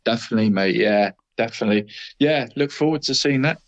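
A man's voice: medium pitch, fast, muffled recording. A man co-hosting a casual football chat show. He rambles, restarts often and drops "mate" into nearly every phrase. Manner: chatty, says "mate" constantly, rambling. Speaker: podcast co-host.

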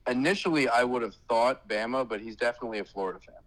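A man's voice: medium pitch, fast talker, poor audio. A man co-hosting a podcast, chiming in with short, blunt, joking and profane quips. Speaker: podcast co-host. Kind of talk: casual chat.

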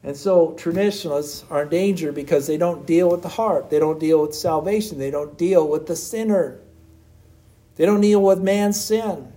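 A man preaching a sermon in an emphatic, repetitive cadence, slowing down to read scripture aloud. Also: a little high, mellow.

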